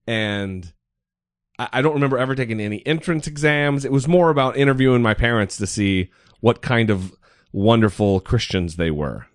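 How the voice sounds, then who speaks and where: A man's voice: medium pitch, moderate pace, dry recording, clean studio sound. A man hosting a podcast in loose, joking, profane casual chat. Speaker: podcast host.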